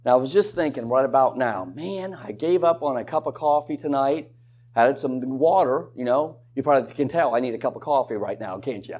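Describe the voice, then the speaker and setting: A man's voice: medium pitch, a little fast, dull audio. A man preaching a sermon in a conversational way, with rhetorical questions and joking asides.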